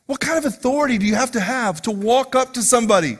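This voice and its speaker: A man preaching a sermon as lead pastor, animated and conversational, acting out scenes in quiet asides. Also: very high-pitched, quick pace, few pauses, breathy edge.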